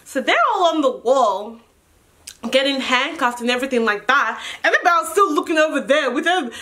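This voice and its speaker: A young woman vlogger telling a storytime in a casual, animated way, acting out the lines of everyone involved. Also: high-pitched, brisk. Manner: animated, acts out every line of dialogue.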